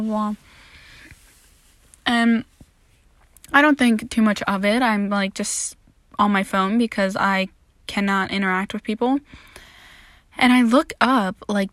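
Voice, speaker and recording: A woman's voice: mid-range voice, a bit bright, no room sound, clean studio sound. A young woman hosting a podcast, telling a candid, self-deprecating, sweary story of her first day of college in a casual monologue. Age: young adult. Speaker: podcast host.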